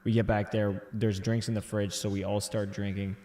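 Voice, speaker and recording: A young man co-hosting a casual late-night chat, telling stories excitedly with loud whoops. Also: fairly low pitch, moderate pace. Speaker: comedian co-host. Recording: echoey room.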